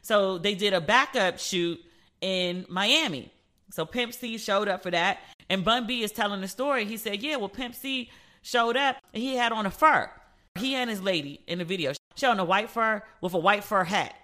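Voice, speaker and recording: At normal speed in a mid-range voice, a woman hosts a podcast of casual chat and gossip. She's sassy and playful, animating her stories by acting out the people she quotes.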